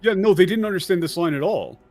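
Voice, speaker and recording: A man guest translator in casual chat, offering alternative phrasings in a measured way. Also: high-pitched, animated, darkish tone, soft background music.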